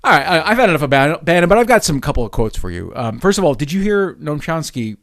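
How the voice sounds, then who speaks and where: A man's voice: a little high, sing-song, quick pace, fairly bright tone, dry recording, studio quality. Man co-hosting a casual podcast. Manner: laughs easily, jokey asides. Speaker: podcast co-host. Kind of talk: casual political chat.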